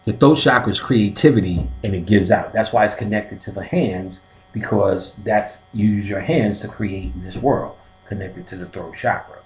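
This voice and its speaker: A man's voice: fairly low pitch, normal speed, darkish tone. A man teaching a comic lecture on spiritual topics, swearing freely and often asking "you know what I'm saying". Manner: explains step by step, like a teacher. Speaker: comedic occult class teacher. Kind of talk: stand-up style comedic lecture.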